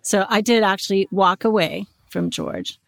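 A woman's voice: medium pitch, normal speed, gravelly, dry recording. Stammering woman, close dry sound. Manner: stammering, animated, often restarting her words. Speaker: host and relationship coach. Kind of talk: role-play demonstration and advice talk.

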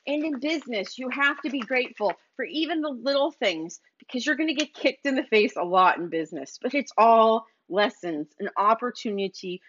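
A woman's voice: a little high, expressive, normal speed, hardly any pauses, fairly bright tone. Earnest woman podcast host. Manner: earnest, exhorting, direct address to listeners. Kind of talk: motivational monologue. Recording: dull lo-fi recording.

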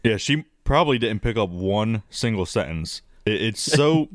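A man's voice: on the low side, animated, moderate pace, no room sound, studio quality. A man co-hosting a podcast, talking bluntly and swearing freely. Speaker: podcast co-host. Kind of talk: casual chat.

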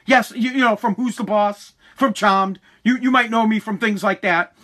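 A woman's voice: a little high, normal speed, fairly bright tone. A man putting on the voice of a self-important actress who eagerly drops her own credits and hopes to be recognized. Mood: self-promoting. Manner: eager, name-dropping, fawning.

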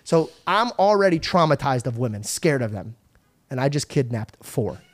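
Animated young man telling wild stories. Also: mid-range voice, moderate pace. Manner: animated, acts out voices in retellings, swears freely. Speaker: podcast host. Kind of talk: casual storytelling chat. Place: podcast studio.

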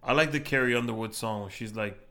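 Gravelly-voiced man hosting a podcast. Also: medium pitch, fast talker, sharp tone. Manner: laid-back, plugging show details. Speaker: podcast host. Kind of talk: casual chat.

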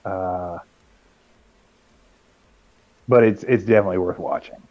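A man's voice: deep voice, quick pace. A man co-hosting a podcast in casual chat, speaking eagerly and emphatically. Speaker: podcast co-host. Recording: dull lo-fi mic.

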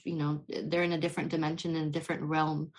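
A woman's voice: deep voice, flat delivery, fast talker. A young woman speaking as a podcast guest, talking in a passionate, flowing and heartfelt way about faith and change. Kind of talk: heartfelt spiritual conversation.

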